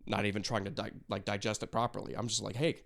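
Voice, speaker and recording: A man's voice: on the low side, little pitch movement, fast talker, gravelly, a bit bright. A man reacting to a video, chatting casually with lots of fillers, swearing and restarts. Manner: rambling, swears often, frequent fillers.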